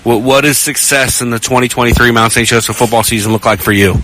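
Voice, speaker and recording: A man's voice: medium pitch, steady tone, fast talker, a bit bright, a little hiss or hum, poor audio. A man interviewing a player, asking questions in a familiar, friendly manner with small stumbles as he rephrases. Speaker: sideline interviewer. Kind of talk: sports interview.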